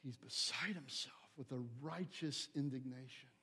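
A man's voice: mid-range voice, moderate pace, sharp tone, husky. A pastor preaching a fervent sermon, building to emphatic, searching questions to his listeners.

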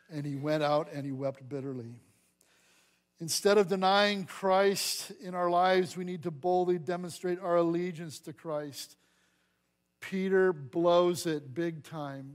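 A man preaching a sermon as pastor, acting out the voices of the scripture scenes he reads. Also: fairly high pitch. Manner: dramatic acting out of scripture dialogue.

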